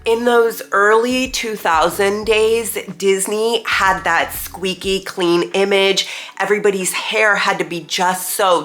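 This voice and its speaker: A woman's voice: mid-range voice, a bit bright. A woman in her thirties, sounding nasal and congested from a cold, chatting casually and reminiscing in a vlog. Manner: chatty, reminiscing, laughs easily. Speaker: vlogger, retired theme park performer. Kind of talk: casual talking-head chat.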